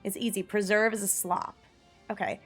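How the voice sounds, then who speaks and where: In casual live-stream chat, a young woman streamer thinks out loud and reads search results, often breaking into laughter. Her mid-range voice stays steady and a bit bright at a moderate pace, with faint music underneath.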